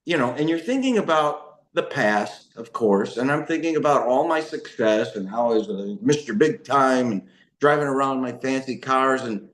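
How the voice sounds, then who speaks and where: A man's voice: medium pitch, expressive, moderate pace, a bit bright, reverberant. A man telling his own recovery story in an emotional, rambling way, full of restarts and "you know". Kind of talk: personal testimony talk.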